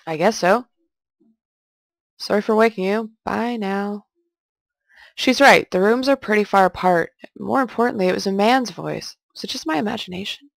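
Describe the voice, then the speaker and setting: A woman's voice: medium pitch, moderate pace, vocal fry, no room sound. A young woman casually commenting on a game she is playing, reading its text aloud and joking as she goes. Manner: jokey, chatty, talks to herself. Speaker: let's play host.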